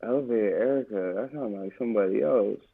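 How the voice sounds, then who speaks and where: A man's voice: fairly low pitch, brisk, creaky, husky. A man co-hosting a casual podcast from his kitchen at home over a remote call, with laid-back slangy banter and frequent laughs. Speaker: co-host. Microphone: remote call audio. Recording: tinny phone-like remote line.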